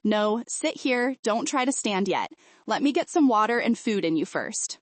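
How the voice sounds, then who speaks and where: A woman voicing a young man who runs a bar, speaking in a gentle, coaxing way in an audiobook. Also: on the high side, lively intonation, normal speed, no echo. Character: young man, bar owner, caring yet evasive.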